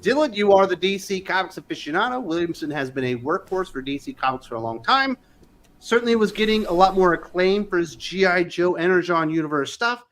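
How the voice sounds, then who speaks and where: A man's voice: high voice, lively intonation, a little fast, fairly bright tone. A man hosting a live panel stream, chatting casually and greeting viewers in the chat. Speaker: show host.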